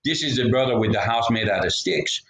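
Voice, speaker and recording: Brief: man spinning a folk tale, joking asides, mid-pitched voice, roomy echo. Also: fairly quick, fairly bright tone, a little hiss or hum. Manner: rambling, jokey asides. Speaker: storyteller. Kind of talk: folksy storytelling.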